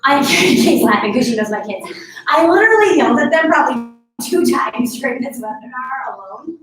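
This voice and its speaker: A chatty, encouraging woman in her thirties leads a live barre workout class, laughing often. Her voice is high-pitched and expressive at normal speed, recorded far from the mic in an echoey room.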